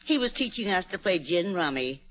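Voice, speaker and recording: A woman's voice: lowish voice, sing-song, fairly quick. An actress playing a kindly, hospitable older mother who talks in a fluttery, hesitant, homely way, in 1940s radio acting. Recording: dull old radio broadcast.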